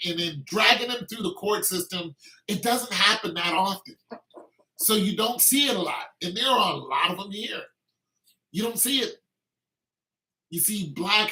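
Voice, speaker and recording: High, sharp-voiced man ranting. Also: low-quality recording. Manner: emphatic, heated, repetitive restarts. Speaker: commentator. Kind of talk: opinion rant.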